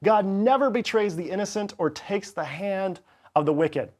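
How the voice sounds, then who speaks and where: A man's voice: high-pitched, moderate pace. A man preaching a sermon as pastor, reading scripture passages with dramatic delivery. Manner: expressive, reads scripture dramatically.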